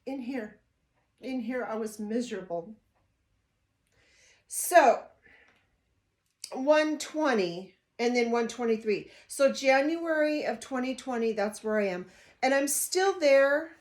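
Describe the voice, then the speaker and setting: Her voice is high-pitched and expressive, slow and broken by long pauses. The older woman talks casually to camera at home in an echoey space, chatty, emotional, and rambling with many restarts.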